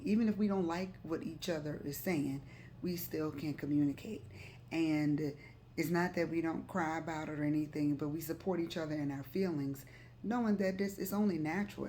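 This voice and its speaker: Hosting a live talk stream, a woman with a deep, dark voice chats loosely with viewers and offers casual advice. She repeats herself often and uses fillers, and the recording carries a little hiss or hum.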